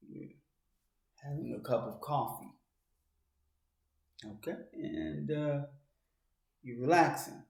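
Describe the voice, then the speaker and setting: A man's voice: mid-range voice, vocal fry, roomy sound. A man giving a spoken commentary, talking straight to the listener and often restarting his phrases. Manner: talks to the listener in second person, many restarts; grows louder and more urgent as he goes. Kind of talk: monologue commentary.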